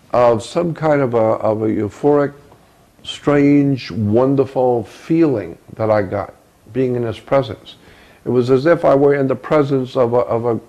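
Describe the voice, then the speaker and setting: Older man, gravelly voice, mellow tone, halting first-person storytelling, repeats words. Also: mid-range voice. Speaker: researcher telling a personal story.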